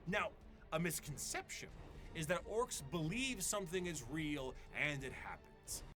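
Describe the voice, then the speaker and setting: A man's voice: a little high, very animated, a little slow. A man reading a scripted video essay narration in a dry, explanatory way. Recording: narration over background music.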